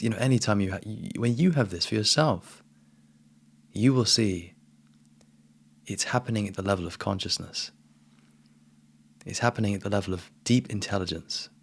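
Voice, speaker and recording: Gravelly husky man, casual spiritual talk. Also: on the low side. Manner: relaxed, says "man" often, emphatic bursts. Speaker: spiritual coach.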